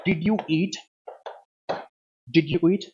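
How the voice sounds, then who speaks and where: A man's voice: fairly high pitch, steady tone, slow, muffled recording, slight background noise. A man teaching a live online grammar class, who keeps asking questions, answering them himself and adding "right, ma?". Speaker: English teacher.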